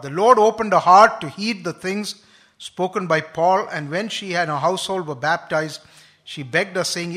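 A man preaching a sermon, explaining scripture in an unhurried, thoughtful way with frequent pauses and restarts. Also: high-pitched, pushed and bright.

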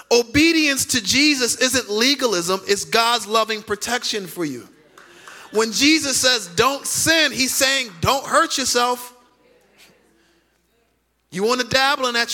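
A man's voice: extremely high pitch, bright, forceful tone. A male pastor preaching a sermon emphatically, repeating key lines and acting out quoted voices.

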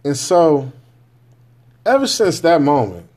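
Speaking slowly on the high side with big pitch swings and a somewhat mellow sound, a man in his forties tells the camera a frank story about bringing up his children. He's blunt and profane and keeps asking "right?" to confirm the listener is with him.

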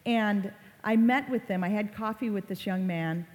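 A woman's voice: mid-range voice, moderate pace, darkish tone. A middle-aged woman giving a public talk about social media safety, telling a story in a conversational, dramatic way with fillers. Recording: long hall reverb.

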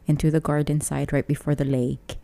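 A woman's voice: deep voice, level tone, fairly quick, vocal fry, mellow. A young woman co-hosting a casual chat, teasing her partner and laughing often. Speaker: podcast co-host, newlywed wife.

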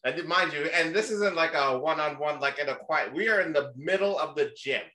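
A man's voice: on the high side, brisk, pushed and bright, roomy sound. A man co-hosting a podcast, chatting and telling stories in a laid-back, joking way with plenty of swearing. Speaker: podcast co-host. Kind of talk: casual chat and storytelling.

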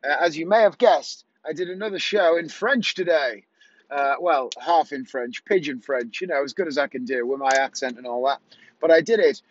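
A man's voice: a little high, normal speed. A middle-aged man from England, a magician chatting casually in a vlog, rambling and correcting himself as he goes. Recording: dull lo-fi dry sound.

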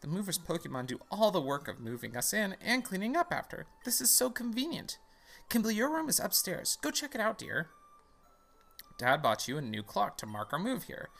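A man's voice: high-pitched, wildly swooping pitch, moderate pace, creaky, a bit bright, pitched above the performer's own voice, exaggerated voice. A man voicing a sweet, fussing young mother in a video game, with a doting, singsong manner.

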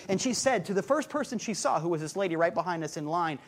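A man's voice: high-pitched, expressive, fast. A man preaching a sermon as a pastor, telling stories with humor and driving points home through repetition. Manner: conversational, humorous storytelling with rhythmic repetition.

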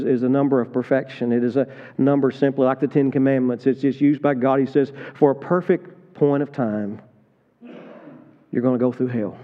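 A middle-aged man preaching a sermon, swinging between loud urgent appeals and low, tender confiding. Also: long reverb tail, dull audio. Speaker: pastor. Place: church sanctuary.

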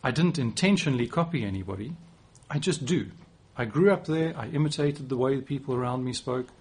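A man's voice: medium pitch, brisk, a little mellow, breathy edge. A man in his forties with a South African accent, giving a conversational sermon with occasional restarts and light self-deprecating humor. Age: 40s. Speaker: preacher.

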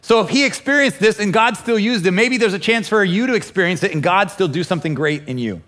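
A pastor preaching a lively sermon, acting out inner voices and quoting scripture with feeling. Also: male voice, sits high, fast talker. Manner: animated, acts out inner voices and quotes. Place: church, also streamed online.

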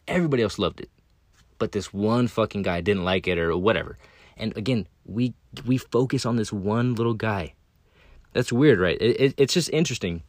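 Young male creator, lowish voice, blunt and profane, loose and rambling, recorded close and dry. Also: moderate pace, dry recording. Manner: blunt and profane, many fillers and restarts. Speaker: video creator. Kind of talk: casual monologue.

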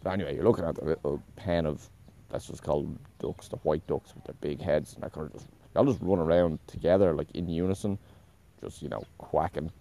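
Deep dark-voiced guy rambling on, lots of restarts, swears now and then. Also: fairly even intonation, a little fast. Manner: meandering, self-correcting, swears casually. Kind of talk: casual rambling monologue.

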